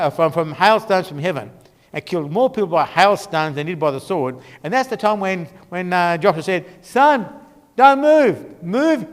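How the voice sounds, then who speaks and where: A man with a high voice teaches a church Bible class in a loose, chatty storytelling manner, pointing things out on a map as he goes. His voice carries a long reverb from the church hall around him.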